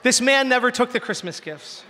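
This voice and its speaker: Bright-voiced man telling a story on stage. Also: extremely high pitch. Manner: animated, slows down for punchlines. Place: stage before a live audience. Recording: hall reverb, faint ambience.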